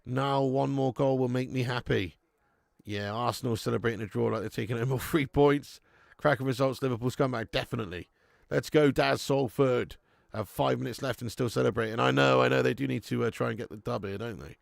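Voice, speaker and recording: English guy hosting a live match watch-along, gravelly, chatty, calls everyone mate, dry mic. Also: mid-range voice, fairly quick, no echo. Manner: casual banter reading chat comments; laughs often, calls people mate.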